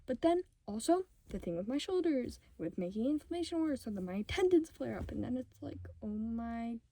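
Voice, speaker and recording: A woman's voice: sits high, very animated, mellow. Rambling teen girl, slips into whispers. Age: 15, teenager. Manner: rambling and sidetracked, often drifting into a whisper; talks fast in bursts. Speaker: vlogger. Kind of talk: casual unscripted rant to camera.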